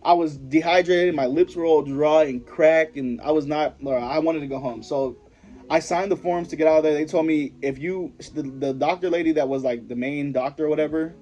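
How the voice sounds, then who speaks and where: A man's voice: fairly high pitch, fairly even intonation, moderate pace, a little mellow, lo-fi sound. A young man vlogger telling a personal story in a rambling, profane, slangy way, often stopping and restarting his sentences. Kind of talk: casual storytelling to camera.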